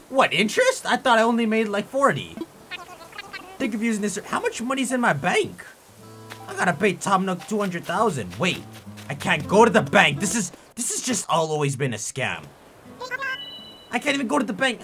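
A young man giving let's play commentary, with excitable and exaggerated frustrated rants. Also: sits high, moderate pace, faint music behind. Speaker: gaming YouTuber.

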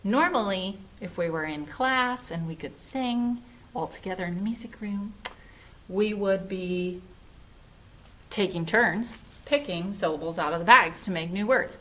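A woman's voice: mid-range voice, a little slow, sharp tone. A woman music teacher giving a children's lesson online in a patient, sing-song teacherly way.

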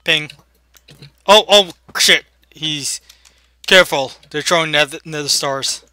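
Bright-voiced excitable young man gaming. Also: on the high side, takes it slowly. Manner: excitable, swears when startled. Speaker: gamer on voice chat. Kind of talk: casual game chat.

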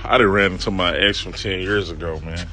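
A man's voice: sits low, steady tone, brisk, bright, forceful tone, a little hiss or hum. A man telling a comic story from his own life to a live-stream audience, loose and slangy, with self-mocking asides to his viewers. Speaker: comedic vlogger telling a story. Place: outdoors on a city street.

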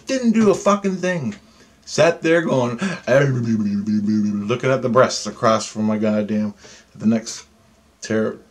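A man telling a story about alien contact, swearing heavily, agitated and animated. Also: mid-range voice. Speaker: self-described alien contactee. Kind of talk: storytelling monologue.

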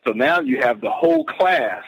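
A man's voice: a little high, wildly swooping pitch, moderate pace, husky, poor audio. A man who is a pastor, speaking on a conference call with emphatic, preacher-like exhortation about sharing products. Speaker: pastor and business partner. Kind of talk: motivational sales talk.

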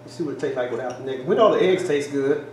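Excitable man, echoey kitchen. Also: medium pitch, very fast, noisy background. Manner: excitable, exclaiming, folksy. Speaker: cooking channel co-host. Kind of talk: casual taste-test chat. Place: home kitchen. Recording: echoey kitchen, faint ambience.

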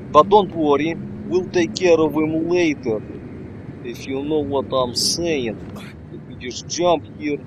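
A man commentating casually on his gameplay in broken English, bursting into excited shouts. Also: mid-range voice, background noise. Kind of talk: casual let's-play commentary.

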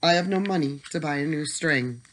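A storyteller voicing a kind, poor old harper in a bedtime storybook reading, gentle and humble. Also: medium pitch, a little fast, a little hiss or hum, natural voice.

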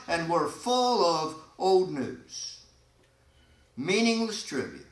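A man preaching a sermon as pastor, folksy and animated, with sudden loud emphasis and quiet asides. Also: a little high, slow pace. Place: church sanctuary. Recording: echoey church hall.

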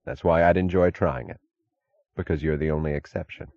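A man's voice: very deep voice, a little fast, no room sound, lo-fi sound. A man voicing a cold, mocking steel magnate. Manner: even, dry, mocking.

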